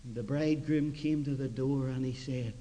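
A man preaching a revival mission sermon, swinging between hushed low asides and loud, impassioned shouting. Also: steady tone, moderate pace, long reverb tail, slight background noise, low-quality recording.

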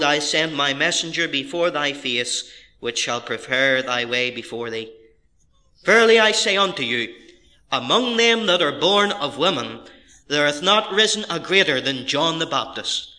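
A man's voice: on the high side, sharp tone. A middle-aged man preaching a sermon as pastor, reading scripture and stressing key phrases with earnest, rising emphasis.

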